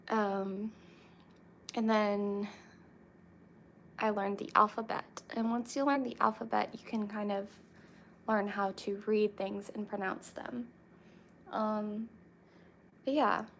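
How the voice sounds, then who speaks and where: A young woman chatting casually with viewers, rambling with lots of fillers and pauses. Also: mid-range voice, fairly even intonation, creaky, slight background noise. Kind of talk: casual chat.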